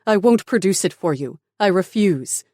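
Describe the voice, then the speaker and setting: A frightened female scientist, voiced by an audiobook narrator begging for someone's life, her voice pushed high and tight. She pleads loudly and desperately, in a dry close recording. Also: animated, normal speed, no room sound, close to an everyday voice. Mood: pleading.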